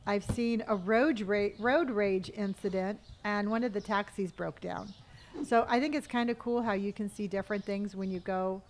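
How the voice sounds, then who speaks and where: A middle-aged woman from California hosts a relaxed live game stream. She chats easily, reads out viewers' comments and talks herself through tasks in a low mutter. Her voice sits at an ordinary pitch for a woman. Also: normal speed, slight background noise. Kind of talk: casual live-stream chat while gaming.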